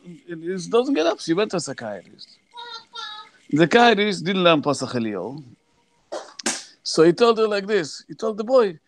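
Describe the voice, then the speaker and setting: A man, a rabbi, telling a story to an online class over a video call, his voice jumping high when he quotes others. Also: moderate pace, pauses often, no echo. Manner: animated, voice jumps high when quoting others.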